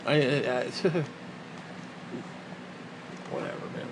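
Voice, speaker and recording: Male vlogger, profane exasperated rant, slightly high-pitched, light background hum. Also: expressive, normal speed. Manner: crude, profane, exasperated ranting. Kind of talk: casual rant to camera.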